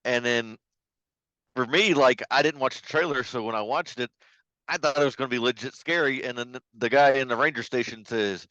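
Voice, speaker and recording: A man co-hosting a podcast, chatting casually about a film, profane and quick to laugh. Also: mid-range voice, fairly bright tone, dry recording, highs cut off. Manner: loose, profane, laughing storyteller. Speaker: podcast co-host. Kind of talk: casual movie review chat.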